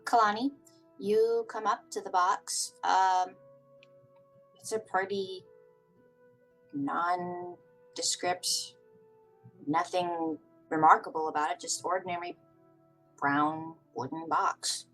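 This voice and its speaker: A woman narrating a tabletop role-playing session as game master, describing scenes with patient, measured phrasing. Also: on the low side, fairly even intonation, a bit bright, faint music behind, rough recording.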